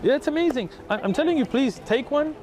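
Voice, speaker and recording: A man's voice: extremely high pitch, animated, quick pace, a little mellow, faint music behind. A man, earnestly explaining his faith to a passer-by in a street conversation outdoors in a city. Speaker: religious outreach volunteer.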